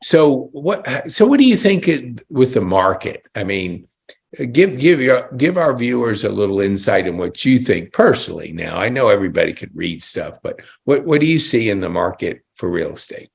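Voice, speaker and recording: A man's voice: on the low side, sing-song, moderate pace, gravelly, husky. A man hosting an interview, enthusiastic and rambling, often restarting his sentences. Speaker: podcast host. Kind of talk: casual interview chat.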